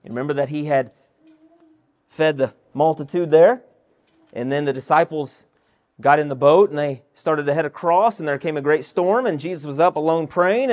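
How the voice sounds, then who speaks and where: Higher-voiced male pastor preaching. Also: a little mellow. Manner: asks the listeners rhetorical questions; reads scripture verses aloud. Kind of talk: expository sermon.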